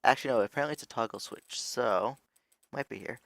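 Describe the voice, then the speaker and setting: A man's voice: medium pitch, fast talker, creaky, fairly bright tone, no room sound. A young man giving casual, rambling let's-play commentary as a gaming video host, thinking aloud and restarting his sentences.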